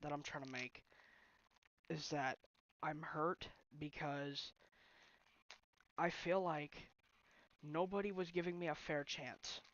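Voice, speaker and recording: Young man, frustrated vlog rant, halting restarts, dull lo-fi sound, dry room. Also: a little high, steady tone, a bit bright, no room sound. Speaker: vlogger. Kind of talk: emotional personal vlog rant. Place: bedroom at home.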